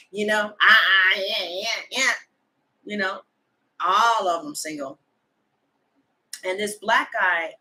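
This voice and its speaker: Chatty blunt woman with a bright voice. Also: lowish voice, rough recording. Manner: chatty, gossipy and blunt, with slang and swearing. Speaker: tarot reader. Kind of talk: casual chat to camera.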